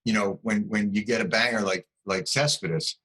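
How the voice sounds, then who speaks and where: Middle-aged male guest, dry comic riffing, low register with a bright edge. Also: rough recording. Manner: wry, quick comic riffs. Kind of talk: casual talk-show banter.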